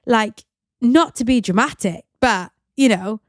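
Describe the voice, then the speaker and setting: A woman's voice: fairly high pitch, unhurried, dry recording. Chatty woman, very dry sound. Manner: chatty and open, many "like" fillers. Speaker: podcast host. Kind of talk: candid personal storytelling.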